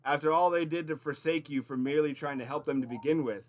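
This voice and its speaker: A man's voice: fairly high pitch, fast, slight background noise, lightly acted. A man voicing a grim, stern male guardian who speaks in formal, menacing phrases.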